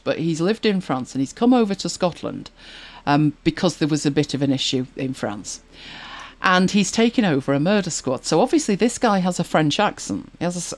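Rambly podcast cohost chatting away, voice swoops up and down a lot. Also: mid-range voice. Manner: chatty, rambling, with many fillers and restarts. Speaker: podcast co-host. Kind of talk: casual chat about audiobooks.

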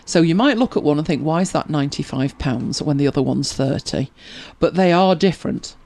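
Animated and brisk, this tech help show host has a darkish, mid-range voice touched by vocal fry. They chat casually, laugh easily, answer viewer questions, and tend to repeat words when starting out.

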